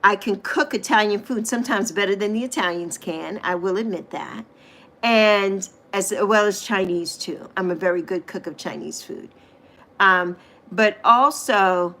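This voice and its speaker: A middle-aged woman from the United States hosts a casual live stream chat in a medium-pitched, slightly bright voice at a moderate pace. She's chatty, laughs often, and swears freely.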